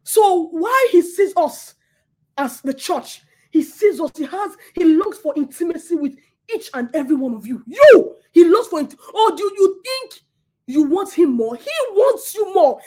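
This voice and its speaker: A woman's voice: very high voice, animated, normal speed, a little mellow. A woman preaching a sermon with passion, who repeats her words and swings between laughter and near tears.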